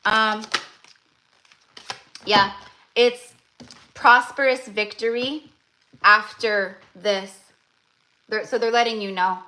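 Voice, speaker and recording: A woman's voice: medium pitch, slow, long pauses, bright, forceful tone, slight background noise. A young woman giving a live-stream tarot reading, talking in a gushing, effusive way with many fillers and restarts. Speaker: tarot reader.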